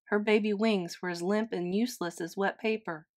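A woman teacher with a medium-pitched voice reads a children's picture book aloud at a moderate pace. Her storytelling is gentle and expressive.

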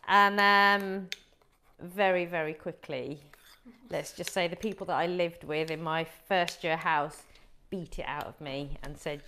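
A woman's voice: fairly low pitch, a little slow, fairly bright tone, slight background noise. Chatty woman hosting a cooking demo. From Wolverhampton, England. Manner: chatty, explains each step to viewers. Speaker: cooking show host. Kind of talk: live cooking demonstration.

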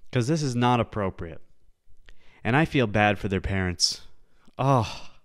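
Man, podcast host, casual commentary, profane, incredulous, rambling, clear resonant voice. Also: fairly low pitch, animated, a little slow.

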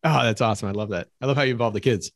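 A real estate broker co-hosts a casual podcast, and this man talks quickly and eagerly. He rambles with frequent restarts, and his voice sits dry and close with no room sound. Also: fairly low pitch, dry recording. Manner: fast, enthusiastic, rambling with restarts.

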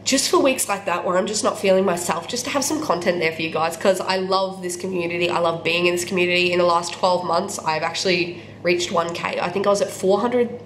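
An Australian woman with a lowish voice talks candidly to her viewers at home, sounding like she has a cold. She chats freely and doubles up words for emphasis. The room is echoey, with a faint hum in the background. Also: a little fast. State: sick with a cold. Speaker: book vlogger. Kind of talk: casual vlog chat.

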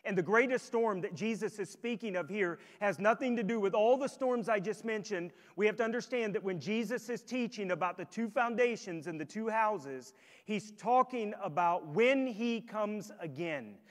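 Brief: a male pastor with a high voice, preaching emphatically through the sanctuary sound system, long reverb. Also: animated, normal speed. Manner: emphatic, rhetorical questions to the congregation. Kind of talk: sermon. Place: church sanctuary. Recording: long church hall reverb.

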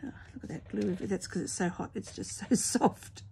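With a warm, creaky, mid-range voice at a moderate pace, a woman hosts a craft video and casually talks to camera. She murmurs little asides as she works through each step, and there's a slight hiss or hum in the audio.

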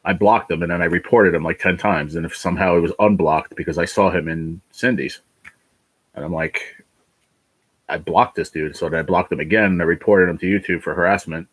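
Hosting a casual livestream chat, a man worn down by illness rambles and swears while venting his frustrations. His voice is low-pitched yet fairly bright, with a husky quality. The recording is rough and has no room sound.

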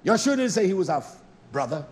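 A man preaching a fiery, scolding sermon, dropping to low mutters and then climbing to loud, pressing exhortation. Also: very animated, fast. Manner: blunt, scolding, with mild cursing.

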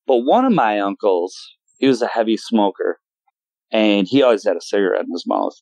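A man in his forties from Wisconsin, a guest telling his story in an animated, emotional way and acting out voices in sudden high bursts. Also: brisk, vocal fry, dry recording, poor audio. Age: 40s. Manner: emotional, voice shaking at times. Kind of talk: casual storytelling.

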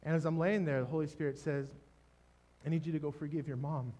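A man's voice: a little high, steady tone, mellow. Emotional man giving a sermon testimony. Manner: emotional, halting storytelling with restarts. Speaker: pastor. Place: church stage.

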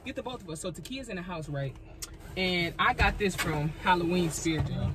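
A woman vlogger, chatting casually and loudly over music. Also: lowish voice, brisk, noisy background. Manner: lively, slangy, loud hype intro. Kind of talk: casual prank vlog chat.

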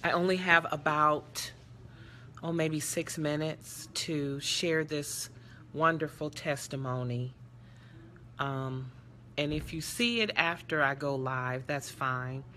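A middle-aged woman tells a story live over her phone with passion and earnest feeling. Her voice is bright and clear. A faint hiss of noise sits under it. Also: deep voice, slow pace. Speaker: character development teacher and speaker. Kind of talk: live social media talk.

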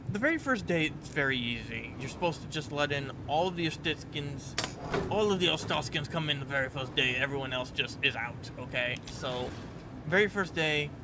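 A young man playing a game on camera as a YouTuber, animated and barking orders at the characters. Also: fairly high pitch. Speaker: gaming YouTuber.

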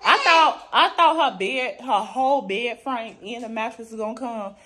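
A woman vlogger with a slightly high, sharp voice speaks at a moderate pace, sounding tired and emotional. She chattily tours her new apartment and the building's indoor common areas, repeatedly calling her viewers "y'all."

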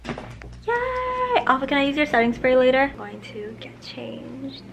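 A woman's voice: high voice, fairly even intonation, fairly quick, creaky, noisy background. A young woman chatting casually as a travel vlogger, upbeat and narrating her day. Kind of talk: casual vlog chat. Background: music bed.

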